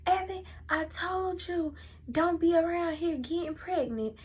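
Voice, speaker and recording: A woman's voice: high voice, moderate pace, a little mellow, close to an everyday voice. A young woman voicing her mother, who scolds and fusses at her daughter. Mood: scolding. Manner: fussing, scolding, repeating herself. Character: scolding, tearful middle-aged mother.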